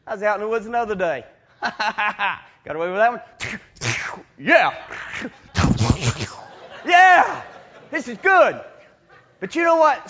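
A man preaching a sermon as a comic story, animated, swinging from loud bursts to hushed asides. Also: very high-pitched, unhurried, pauses often, lo-fi sound.

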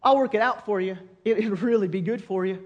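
A woman's voice: medium pitch, fast talker, dull audio, close to an everyday voice. A woman voicing a male king who coaxes a prophet with promises of money, during a sermon. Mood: coaxing. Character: wheedling male king offering a bribe.

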